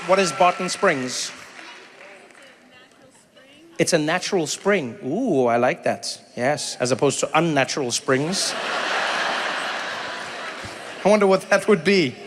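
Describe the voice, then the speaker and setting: A man from South Africa doing stand-up, telling a story and chatting with the crowd, acting out other people's voices. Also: fairly high pitch. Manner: animated, acts out voices of others. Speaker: comedian and host. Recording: live venue with long reverb and faint noise.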